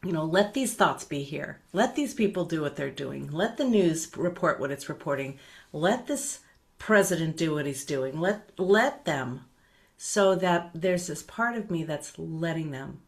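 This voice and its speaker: A middle-aged woman teaching meditation, speaking gently and unhurriedly, with soft repeated words that trail off quietly. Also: sits low, lively intonation, measured pace, vocal fry.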